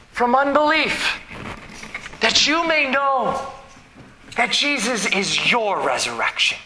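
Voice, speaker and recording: Slow, bright-voiced preaching man. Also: high-pitched, echoey room, a little hiss or hum, low-quality recording. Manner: slow, emphatic preaching with dramatic pauses. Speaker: pastor. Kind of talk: sermon.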